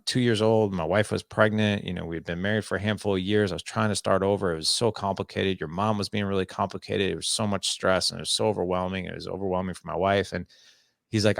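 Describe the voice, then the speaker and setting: A man's voice: deep voice, creaky, dry recording, studio quality. A man in his forties, a podcast guest telling his story candidly and earnestly, often reenacting conversations. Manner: earnest, animated storytelling with frequent "I was like" quotes.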